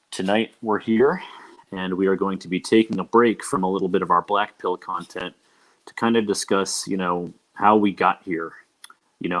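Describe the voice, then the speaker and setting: Young man, very deep voice, podcast host, loose rambling chat. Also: fairly bright tone. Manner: loose and rambling, many ums and uhs. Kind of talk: casual livestream podcast chat.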